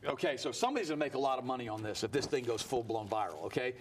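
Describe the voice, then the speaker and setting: A man with a medium-pitched, expressive voice talks rapid-fire over a slight hiss or hum. He's a guest on a studio talk show, heatedly racing through a story in an animated interview.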